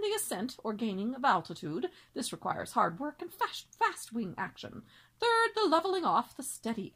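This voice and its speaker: A woman's voice: fairly high pitch, fairly bright tone, heavily acted, low-quality recording. A woman voicing a proud, long-winded father swan who lectures his young in grand storybook style.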